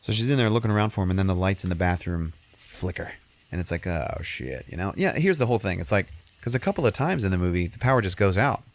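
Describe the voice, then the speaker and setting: Low-voiced man rambling through a movie recap. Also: animated, fast talker. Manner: rambling, swears casually. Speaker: podcast host. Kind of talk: casual film recap.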